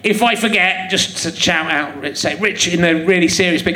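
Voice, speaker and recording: A man's voice: high-pitched, normal speed, sharp tone. A man hosting a live comedy podcast on a theatre stage, joking and teasing the audience and laughing often. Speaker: comedian host. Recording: echoey theatre with crowd laughter.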